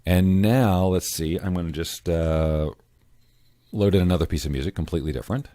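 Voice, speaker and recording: A man walking viewers through an audio editing tutorial in a casual, self-correcting way, often clearing his throat. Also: low voice, moderate pace, mellow, no echo. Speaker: voiceover tutorial host. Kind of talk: screen-recorded software tutorial.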